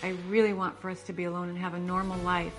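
A woman's voice: fairly low pitch, level tone, fast talker, soft background music. Frustrated middle-aged mother. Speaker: mother and talk show guest.

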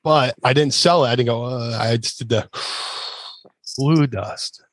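A man's voice: medium pitch, takes it slowly, dry recording. Rambling male storyteller, dry close sound. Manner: animated storyteller, acts out quotes in shifting voices; loose, rambling with fillers and restarts. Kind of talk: casual anecdote telling.

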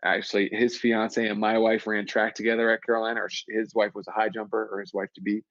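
Earnest man, low voice, reflective casual talk; dull dry recording. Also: little pitch movement, fast, fairly bright tone, dry recording. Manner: earnest, reflective, many restarts. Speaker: podcast guest, former player. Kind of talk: casual chat.

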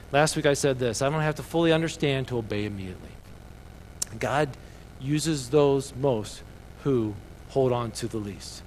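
A man, the pastor of a church, preaching a sermon that swings from fired-up bursts to quiet, personal asides. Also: mid-range voice, a little hiss or hum. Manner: preaching with rising excitement and quieter reflective asides.

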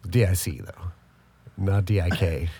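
Low-voiced man in casual chat. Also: a little slow, mellow, slightly rough. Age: adult, married. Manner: rambling, laughing, swears casually. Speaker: podcast co-host.

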